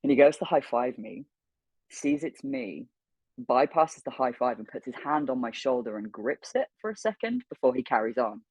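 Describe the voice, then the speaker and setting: Husky man telling an animated story. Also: mid-range voice, normal speed, no echo, rough recording. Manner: animated, swears freely, acts out quoted dialogue. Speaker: guest voice actor. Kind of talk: storytelling anecdote.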